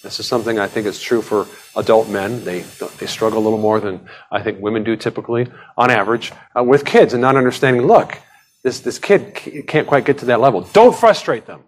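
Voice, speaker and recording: A middle-aged pastor giving a sermon in a loose, conversational way, full of restarts and asides, jumping sharply higher in pitch when he stresses a point. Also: brisk, rough recording.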